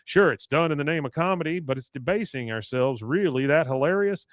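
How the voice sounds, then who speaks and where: A man's voice: fairly high pitch, expressive, a little fast, no room sound. A man co-hosting a podcast, casually retelling a cartoon episode and quoting its characters with frequent laughs. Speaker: podcast co-host.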